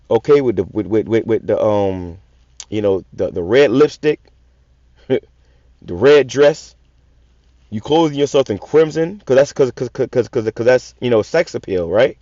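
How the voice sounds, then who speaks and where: A man's voice: mid-range voice, moderate pace, mellow, dry recording. Give me a male preacher reading scripture and swearing, stuck repeating words, on a dull lo-fi recording. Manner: repeats words in stammering runs, swears heavily. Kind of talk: profane scripture teaching. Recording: dull lo-fi sound.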